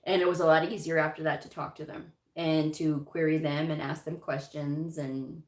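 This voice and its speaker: Chatty woman with a lowish voice. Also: little pitch movement, normal speed, darkish tone. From United States. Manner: chatty, laughs often, acts out quotes in voices. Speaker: medical coding educator and channel host. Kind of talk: casual storytelling livestream. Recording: echoey room.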